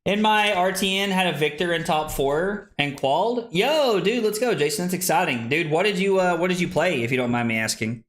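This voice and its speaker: A young male streamer chats loosely through a card game, his voice bright and ringing. He swings up and down in pitch all the time, quick to laugh and quick to curse. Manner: excitable, laughing, swearing freely. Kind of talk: casual live-stream chat while playing.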